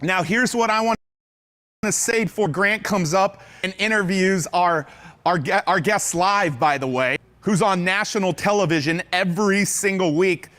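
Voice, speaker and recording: A man hosting a live business event stream, energetic and hyped, calling out viewers by name. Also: sits high, normal speed. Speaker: livestream host.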